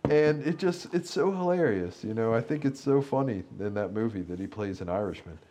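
A man's voice: on the low side, lively intonation, brisk, dark tone. A man co-hosting a casual chat about movies, rambling and amused, laughing often.

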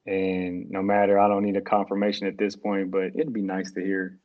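A young man, a guest, telling an emotional personal story in a halting, reflective way with restarts. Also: sits low, steady tone. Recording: dull lo-fi sound.

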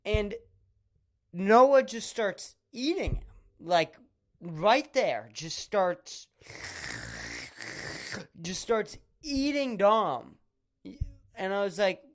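A man's voice: sits high, very animated, drawn-out words, long pauses, a bit bright. A young man hosting a casual podcast monologue, rambling through crude, absurd stories with lots of fillers. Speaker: podcast host.

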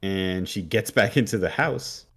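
Very deep-voiced man recapping casually. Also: a little slow, breathy edge. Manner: retells the plot loosely with fillers. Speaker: podcast co-host.

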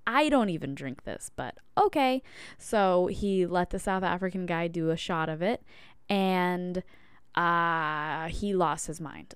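A woman's voice: lowish voice, clear, resonant tone, dry recording, clean studio sound. A woman hosting a podcast, telling a personal story in a candid, chatty way with lots of fillers. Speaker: podcast host. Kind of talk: casual storytelling monologue.

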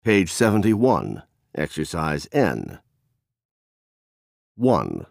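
A man narrating textbook audio, announcing exercise numbers and instructions in a measured way. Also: sits low, huge pitch swings, creaky, a little mellow, dry recording, clean studio sound.

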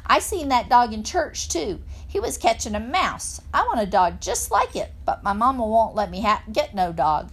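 Woman putting on a chatty little girl almost six, earnest, folksy grammar, high and eager. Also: animated, moderate pace, few pauses. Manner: rural Southern grammar, solemn.

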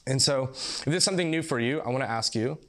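A young man giving a sermon, talking loosely and conversationally as though chatting with friends. His voice sits at an ordinary middle pitch, and he keeps dropping in filler words and quick asides. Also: a bit bright. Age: young adult. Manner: casual, rambling, laughs often, says "like" and "you know". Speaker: pastor.

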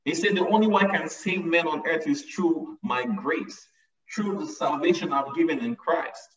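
A man's voice: fairly high pitch, normal speed, a bit bright. A man preaching a sermon with emphasis, often repeating his lines to drive them home. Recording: echoey, distant, dull sound.

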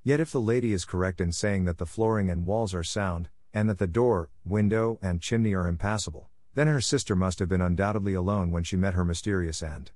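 A calm, ironic detective speaks in a bland, unruffled way, as a man reads him. The voice runs low and the sound is dry and close. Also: fairly quick, hardly any pauses, dry recording, close to an everyday voice.

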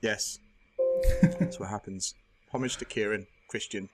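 A man's voice: fairly low pitch, steady tone, measured pace, faint music behind. A man with a Geordie accent, a podcast co-host chatting and teasing over drinks on a video call. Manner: teasing, joking, playful. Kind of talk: casual chat over drinks.

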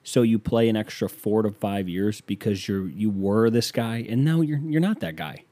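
A man's voice: lowish voice, normal speed, warm tone, no echo. A man from the United States hosting a podcast, talking in a rambling, sarcastic monologue into a close mic. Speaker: podcast host.

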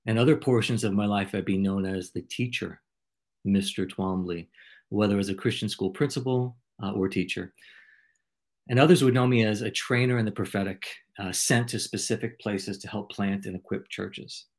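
A middle-aged man with a fairly low voice answers questions in a relaxed interview. His wording is ornate and playful, and his delivery stays measured. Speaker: podcast host, interviewed as guest. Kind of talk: conversational interview.

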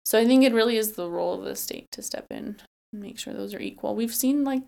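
A woman's voice: a little high, fast talker, creaky, a little mellow, clear, resonant tone. A woman, a political candidate talking in a casual interview, earnest, with many fillers and restarts.

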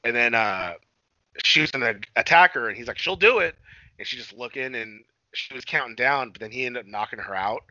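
A man's voice: medium pitch, animated, a little fast, bright, forceful tone, dry recording, highs cut off. A man co-hosting a podcast, casually and profanely recapping a movie's plot with acted-out quotes. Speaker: podcast co-host.

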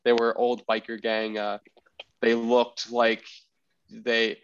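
A man's voice: medium pitch, slow pace, lo-fi sound, slight background noise. Rambling storyteller man on a podcast. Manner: rambling, animated, acts out the people he quotes. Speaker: podcast host. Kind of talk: casual storytelling chat.

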